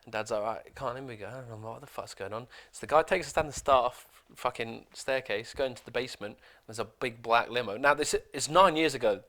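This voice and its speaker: A man's voice: mid-range voice, a little fast, few pauses, pushed and bright. A man co-hosting a podcast, telling a story in casual chat with lots of swearing. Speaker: podcast co-host.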